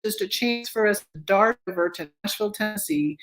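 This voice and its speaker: A woman's voice: medium pitch, a little fast. A woman hosting a virtual book club on a video call, chatty and now and then tongue-tied. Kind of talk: casual video-call chat.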